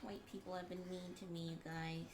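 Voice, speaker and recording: A woman's voice: fairly low pitch, little pitch movement, a little hiss or hum. Blunt, profane woman in a roomy echo. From Georgia, USA. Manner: blunt, profane, halting venting with many restarts. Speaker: stream guest. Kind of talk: casual chat on a game stream. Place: home room.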